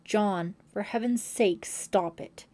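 A woman's voice: mid-range voice, slow pace, warm tone. A woman voicing a tearful fifteen-year-old girl camper in an audiobook, emotional and pleading.

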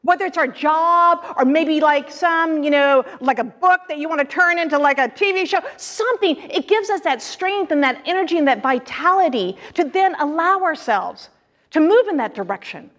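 A woman minister giving an expressive, conversational spiritual talk with playful asides. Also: sits high, normal speed. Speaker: guest minister. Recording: long hall reverb.

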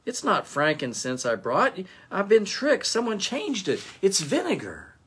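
Bitter learned old wise man, high-pitched outcries, as a male pastor reads him. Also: lively intonation, normal speed, creaky. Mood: indignant.

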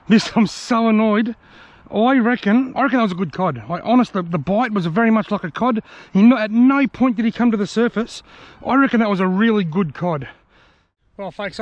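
An Australian man with a high voice, chatting enthusiastically to viewers on a riverbank as he narrates a fishing vlog. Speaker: fishing vlogger. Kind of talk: casual outdoor vlog narration. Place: outdoors on a riverbank.

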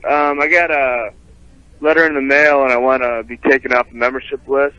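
Firm man caller, bright voice. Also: medium pitch, steady tone, a little fast. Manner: firm, dismissive. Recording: dull, lo-fi phone audio.

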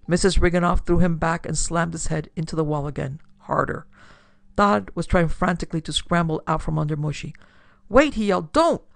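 A woman with a low-pitched, creaky voice narrates a classic pulp detective story for her podcast, recorded dry. Her storytelling is dramatic and builds force during the action scenes.

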